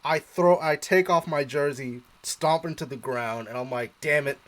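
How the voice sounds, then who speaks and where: Lively man telling a football story. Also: fairly high pitch, normal speed. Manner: animated storyteller who acts out his own past reactions; laughs often. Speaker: co-host of a sports show. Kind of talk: casual live-stream chat.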